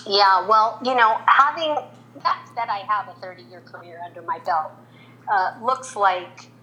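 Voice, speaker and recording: A woman's voice: measured pace, muffled recording. A woman in her forties, a veteran makeup artist, telling a personal story in an interview and acting out the quoted lines. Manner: animated, acts out quotes in higher voice.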